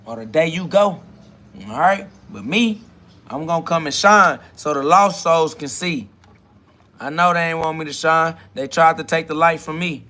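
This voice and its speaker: Bright-voiced preachy man on a live stream. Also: high voice. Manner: preachy, rambling, slangy, answers chat comments. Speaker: podcast host. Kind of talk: live-stream spiritual self-talk.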